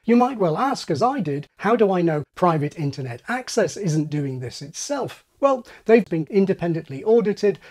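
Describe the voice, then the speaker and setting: A man's voice: on the high side, a little mellow, husky. A man hosting an educational video, explaining speech with wry asides. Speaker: channel host explaining speech.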